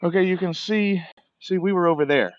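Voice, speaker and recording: Walking by the water outdoors, a man livestreams in a high-pitched, fairly quick voice through a muffled recording. He talks casually and a little breathlessly, swearing a lot and going off on rambling, profane rants.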